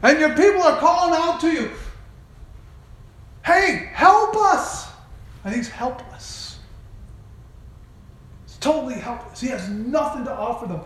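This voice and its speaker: High-voiced preacher in a booming echo. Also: male voice, normal speed, long pauses. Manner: animated storytelling, asks the listeners questions. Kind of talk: sermon. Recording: very echoey room.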